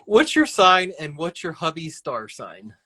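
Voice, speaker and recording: A man's voice: a little high, huge pitch swings, unhurried, pushed and bright, slightly rough. A man co-hosting a casual livestream, reading viewer questions in a playful, teasing way.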